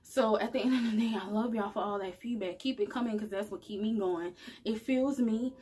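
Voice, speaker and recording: A woman's voice: a little high, brisk, warm tone, slight background noise. A woman talking straight to her viewers in a casual, earnest motivational vlog about spirituality. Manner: earnest, chatty, addresses viewers directly. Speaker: spiritual vlogger. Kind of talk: casual motivational talk to camera.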